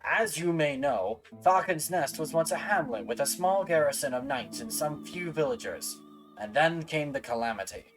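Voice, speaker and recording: A man voicing a stately male knight commander, reading the game dialogue slowly, loudly and formally. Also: lively intonation, over music, lightly acted, low-quality recording. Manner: formal, slow and booming.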